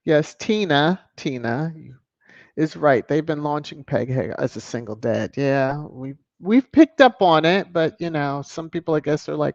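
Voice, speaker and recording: A woman's voice: low voice, animated, unhurried, darkish tone, no echo, dull audio. A woman hosting a casual livestream, chatting and greeting viewers by name as she reads their comments aloud. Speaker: channel host.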